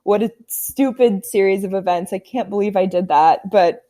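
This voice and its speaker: A woman in her twenties telling a story as a podcast guest, animated and laughing often, with lots of "like" fillers. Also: mid-range voice, moderate pace. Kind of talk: casual chat.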